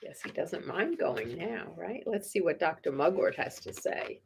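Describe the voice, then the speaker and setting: A woman's voice: fairly low pitch, lively intonation, moderate pace, creaky, a little hiss or hum. A woman reading a picture book aloud to young children, playful and chuckling, often asking her listeners questions. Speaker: children's storytime reader.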